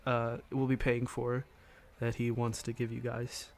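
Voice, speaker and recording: Man, game master, slow unhurried pace, halting self-correcting narration, mid-pitched voice. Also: completely flat delivery, slight background noise.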